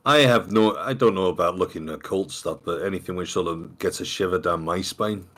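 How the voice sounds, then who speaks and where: A man's voice: deep voice, brisk, a bit bright. A man playing a tabletop game, chatty and jokey in character and out. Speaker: player. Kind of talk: casual game chat.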